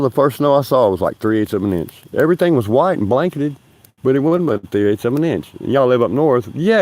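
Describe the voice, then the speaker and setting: A man's voice: mid-range voice, darkish tone, no room sound. A man telling a rambling, profane story on a casual livestream.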